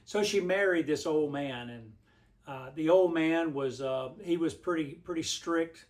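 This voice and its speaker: A man's voice: fairly high pitch, unhurried. A man, a pastor giving a devotional message in a homespun, storytelling way. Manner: homespun, rambling storyteller with frequent restarts.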